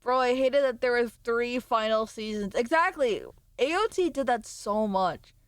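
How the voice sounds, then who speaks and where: A woman's voice: on the high side, measured pace, clear, resonant tone, no room sound. A woman streamer chatting casually with viewers, sleepy and playful, rambling with sudden squeals and mock voices. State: sleepy, yawning.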